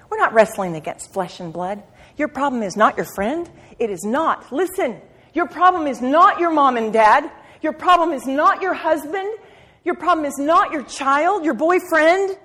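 A fairly high-voiced woman preaches with passion, dropping to quiet asides and then rising to ringing cries. She hammers home her points by repeating phrases. Her voice carries a long reverb, recorded in a church hall. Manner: impassioned, swinging from soft to loud. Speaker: preacher at a women's meeting. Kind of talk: sermon.

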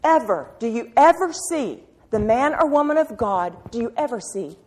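A woman preaching a sermon with passion, firing rhetorical questions and swinging from loud to hushed. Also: fairly high pitch, very animated, moderate pace, breathy edge. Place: church sanctuary. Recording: reverberant hall.

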